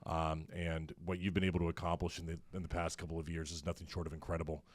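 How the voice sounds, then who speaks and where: A man hosting an interview, speaking calmly with filler ums as he closes the talk. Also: deep voice, quick pace, dry recording. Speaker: podcast host. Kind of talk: interview wrap-up.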